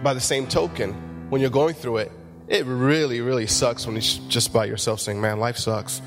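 A man's voice: medium pitch, normal speed, over music. A man, a pastor, preaching a sermon in church and telling funny stories with acted-out quotes. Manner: humorous storytelling, acts out quotes.

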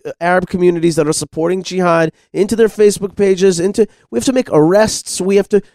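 Brief: middle-aged man, radio host, fired-up and insistent, fairly high voice, dry close sound. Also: fairly even intonation, quick pace, darkish tone, dry recording. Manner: impassioned, insistent, repeats words when worked up. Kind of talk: heated radio discussion.

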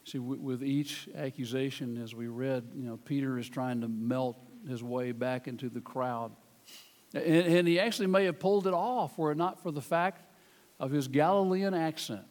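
A pastor with a Southern American accent preaching a sermon in an earnest way and reading scripture dramatically. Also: male voice, mid-range voice, moderate pace, a little mellow, big-room sound. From Southern United States.

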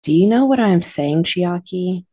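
A woman's voice: on the low side, lively intonation, normal speed, dark tone, husky, no room sound. A woman voicing a strict mother of young girls who scolds firmly. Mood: stern. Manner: firm, scolding.

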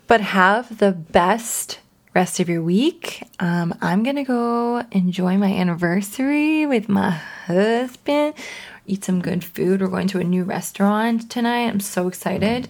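A bubbly young woman in her twenties, talking to her listeners in a relaxed solo podcast. Her voice sits at an ordinary middle pitch, and she speaks earnestly, breaking into light laughter often. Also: a little slow. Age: 20s. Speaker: podcast host. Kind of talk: casual solo podcast talk.

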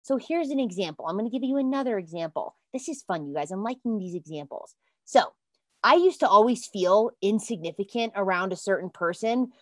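Brisk and mid-range, this self-help podcast host gives an earnest, emphatic pep talk, calling her audience "you guys" and erupting in excited exclamations. The sound is studio quality with no echo.

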